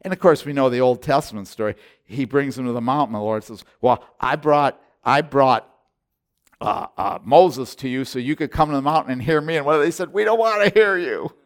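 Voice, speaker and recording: A man in his sixties preaching a sermon as pastor, impassioned and swinging between loud exhortation and hushed intensity. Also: mid-range voice, fairly quick.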